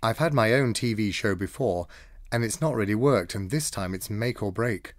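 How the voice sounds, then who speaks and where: Low-voiced man reading a diary aloud. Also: animated, moderate pace, no room sound, clean studio sound. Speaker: diary reader.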